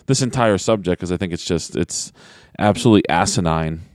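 A man's voice: sits low, a little fast, a little mellow, dry recording, clean studio sound. A man co-hosting a wrestling podcast, talking casually and swearing freely, mocking people with exaggerated voices. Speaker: podcast co-host and pro wrestler.

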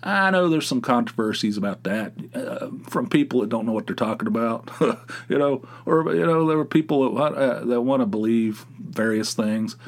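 A middle-aged man hosting a podcast, rambling casually and mocking excited people with put-on voices. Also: mid-range voice, normal speed. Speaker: podcast host. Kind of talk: casual solo podcast rant.

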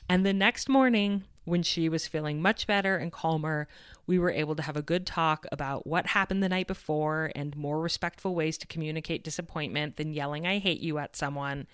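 Mom in her 30s doing a parenting podcast, low voice, super dry close sound, earnest. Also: clear, resonant tone, dry recording. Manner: earnest, reflective storytelling. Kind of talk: scripted podcast monologue.

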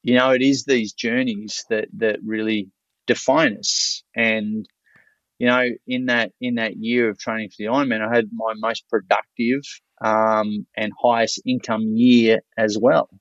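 An Australian man speaking at a seminar tells stories casually in a lowish voice, a little slow, with energy, frequent swearing and many restarts. There's no room sound, and the audio is dull and lo-fi.

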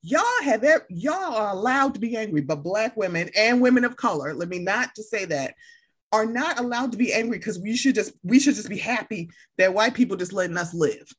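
A woman's voice: mid-range voice, expressive, brisk, fairly bright tone, slightly rough. A woman hosting a casual chat, passionate and blunt, swearing freely and acting out the people she quotes. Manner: vividly acts out quoted people.

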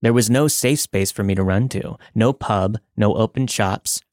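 A man hosting a podcast, reading listener stories as scripted narration in a measured, dramatic way. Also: lowish voice, darkish tone, dry recording, clean studio sound.

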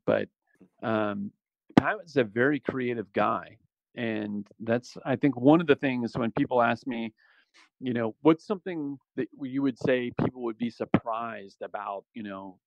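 A man's voice: medium pitch, gravelly, no room sound, muffled recording. A man, a former special operations soldier, talking casually as an interview guest, rambling with many restarts and fillers. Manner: relaxed, rambling, frequent "you know" and restarts.

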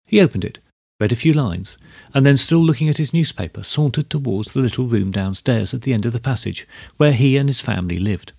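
A male narrator reads a classic tale aloud with a measured, steady delivery. His voice is gravelly and husky, and it sounds close and dry with no room around it. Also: medium pitch, dry recording. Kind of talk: scripted storybook narration.

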